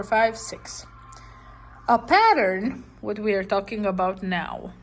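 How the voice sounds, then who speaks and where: Patient lady teacher, goes real slow, keeps saying okay?. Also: medium pitch. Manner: patient, repeats words, checks in with "okay?". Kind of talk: classroom lesson, explaining slowly.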